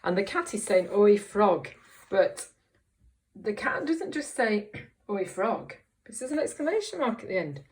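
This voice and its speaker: A woman's voice: mid-range voice, very animated, moderate pace. A woman teaching a reading lesson to young children in an encouraging way, often asking tag questions. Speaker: primary school teacher.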